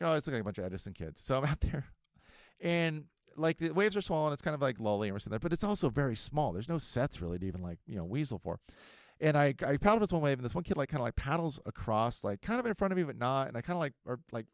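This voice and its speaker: Fast, animated man in his forties. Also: mid-range voice, smooth, no echo, clean studio sound. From Southern California. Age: 40s. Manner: animated, profane, quick-talking. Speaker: podcast host. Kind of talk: casual storytelling.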